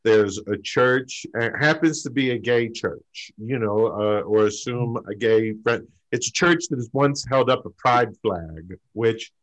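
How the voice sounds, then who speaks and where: A man doing a stand-up story over a video call, halting, with lots of fillers and pauses. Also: medium pitch, muffled recording. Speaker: stand-up comic.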